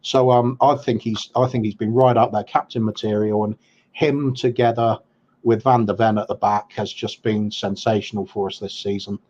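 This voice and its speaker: A man's voice: on the low side, fairly even intonation, normal speed, a little mellow. Guy chatting football on a podcast, lots of ums, kinda dull lo-fi audio. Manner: hesitant, lots of ums and restarts. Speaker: podcast co-host. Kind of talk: casual football chat.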